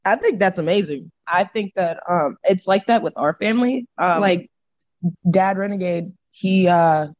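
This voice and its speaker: A woman's voice: lowish voice, moderate pace, a little mellow, dry recording. A woman guest on a podcast who laughs easily and talks in casual slang. Her voice comes through dull and a bit lo-fi, in a dry close sound. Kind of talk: casual chat.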